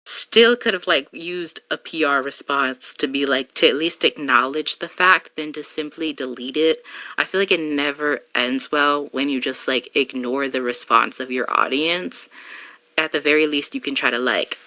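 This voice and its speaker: A woman hosting a podcast in casual chat, talking with lots of "like" fillers and animated asides. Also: low voice, moderate pace. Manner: chatty, heavy use of "like", animated asides. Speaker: podcast host.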